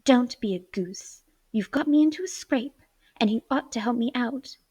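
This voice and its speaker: A woman's voice: a little high, normal speed, a little mellow, husky, no room sound. A woman reading aloud, voicing a spoiled, cross teenage girl who scolds sharply. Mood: scolding.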